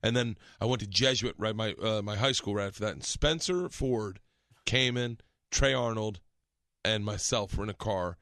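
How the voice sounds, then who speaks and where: A tipsy man telling rowdy stories in casual chat, laughing and breaking into animated impressions. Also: on the low side, normal speed, dry recording. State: tipsy from drinking.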